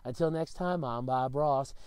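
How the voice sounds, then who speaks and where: A man voicing a gentle, soft-spoken male TV host who calmly walks through making a pizza step by step. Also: medium pitch, clean tone, no echo, voice pushed down, lightly acted. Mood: soothing. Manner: slow, hushed, soothing step-by-step instructions. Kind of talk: parody impression.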